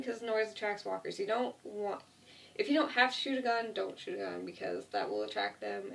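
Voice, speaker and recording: Rambling woman with a gravelly voice. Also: mid-range voice, very animated, normal speed, fairly bright tone. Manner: rambling, self-correcting, lots of 'like'. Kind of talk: casual retelling of a TV episode. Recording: distant mic.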